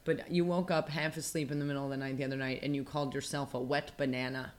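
A woman's voice: low voice, fairly even intonation, very fast. A woman co-hosting a casual podcast chat, ranting with heavy profanity and sarcasm. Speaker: podcast co-host.

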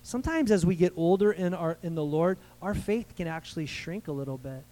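Male American pastor, light high voice, casual preaching style with audience call-and-response. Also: lively intonation, a little fast, dark tone, poor audio. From United States. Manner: conversational preaching, asks the crowd for amens. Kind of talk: sermon.

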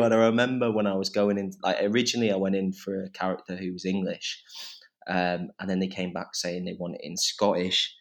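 A man's voice: fairly low pitch, flat delivery, fairly quick. A young man, an actor guest on a podcast, chatting enthusiastically with lots of fillers and laughter. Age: young adult. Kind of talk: casual podcast chat.

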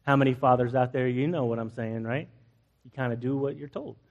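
A male pastor preaching a lively, conversational sermon, joking with the congregation and acting out the people in the story. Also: mid-range voice, fairly quick, lo-fi sound. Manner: acts out biblical characters in playful asides, jokes with the congregation.

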